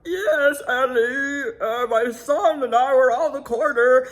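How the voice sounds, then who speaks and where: Quick sketch: a woman putting on a gawky man with a weird high strained voice, cheerful. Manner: squeaky, strained, oddly cheerful. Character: awkward adult man with an odd high strained voice.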